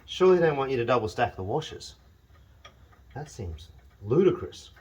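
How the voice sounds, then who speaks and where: A man's voice: medium pitch, sing-song, normal speed, a little mellow, husky. Man muttering to himself in his shed. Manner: mutters to himself and talks to the parts as he works; wry, grumbling, self-mocking. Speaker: home mechanic and channel host. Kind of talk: casual workshop vlog, thinking aloud. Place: home shed or garage.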